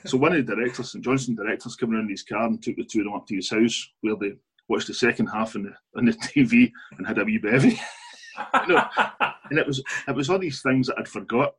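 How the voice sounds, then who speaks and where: Husky-voiced Scottish man telling football stories. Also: medium pitch, quick pace, fairly bright tone, low-quality recording. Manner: chatty anecdotal storyteller, laughs often, many restarts. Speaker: author and guest. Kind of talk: casual interview storytelling.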